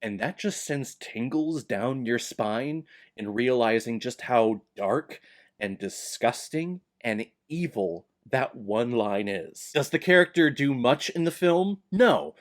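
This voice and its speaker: Enthusiastic man reviewing a movie. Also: slow. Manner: enthusiastic, animated with sudden jumps in pitch. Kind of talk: casual spoken movie review.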